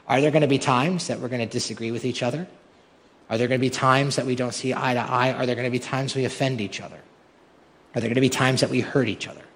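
Man preaching in a reverberant church hall. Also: medium pitch. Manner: rhetorical, building to emphatic peaks. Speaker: pastor. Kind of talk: sermon.

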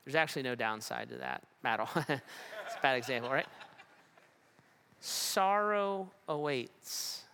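A man's voice: mid-range voice, measured pace, creaky, pushed and bright, slight background noise. Conversational man preaching a sermon. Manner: conversational, with humor and frequent restarts. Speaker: pastor.

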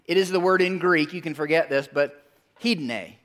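A man preaching a sermon in a church, emphatic, drawing in the congregation with questions and pauses. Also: a little high, fairly even intonation, a bit bright. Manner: emphatic, calls for audience response, dramatic pauses. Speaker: pastor. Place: church sanctuary.

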